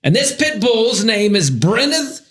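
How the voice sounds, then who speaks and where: A man's voice: sits high, big pitch swings, unhurried, a bit bright, echoey room. Easygoing, chuckling male co-host. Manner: easygoing, chuckles between phrases. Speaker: podcast co-host. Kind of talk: casual chat, reading news stories.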